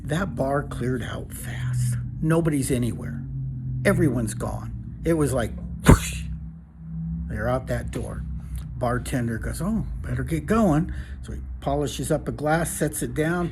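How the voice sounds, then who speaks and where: A man telling a long joke in a relaxed, casual way, with lots of ums and uhs. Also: mid-range voice, a little slow, noisy background. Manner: relaxed, filler-heavy storytelling.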